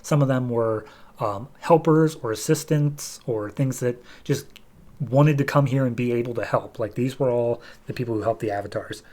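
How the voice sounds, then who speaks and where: A man's voice: medium pitch, normal speed, a little mellow. A young adult man hosting a podcast, recapping a comic in a loose, casual way with lots of fillers. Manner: loose, filler-heavy, acts out dialogue. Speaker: podcast host.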